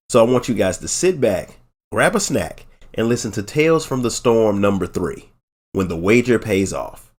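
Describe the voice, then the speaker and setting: A man with a nasal, congested voice from allergies, narrating a game lore story in measured audiobook style and hosting his channel. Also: medium pitch. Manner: measured, friendly sign-offs.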